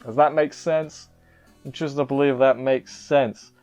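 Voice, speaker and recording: A man's voice: medium pitch, fairly even intonation, a little slow, darkish tone, soft background music. Rambling, emotional male anime reviewer. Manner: emotional, rambling, self-interrupting. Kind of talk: casual chat.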